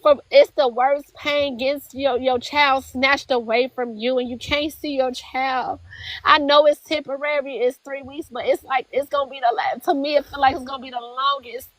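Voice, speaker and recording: A woman from Chicago, a guest in a live-streamed interview, talking in a halting, heartfelt way and often restarting her words. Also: sits high, steady tone, a bit bright, no room sound, low-quality recording. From Chicago, USA. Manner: pleading, heartfelt.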